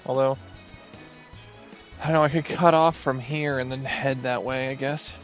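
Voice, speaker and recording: A man's voice: mid-range voice, fairly even intonation, moderate pace, soft background music. A man giving casual, rambling commentary while playing an online game, full of fillers and asides. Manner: rambling, chatty, many fillers. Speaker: gaming video host.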